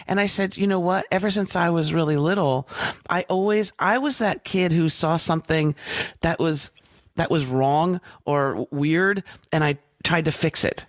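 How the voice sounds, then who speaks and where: A woman in her sixties, a branding coach, guest on a podcast, telling personal stories in an animated way with wide swings in pitch. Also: measured pace, dry recording, clean studio sound. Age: 60s. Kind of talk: conversational storytelling interview.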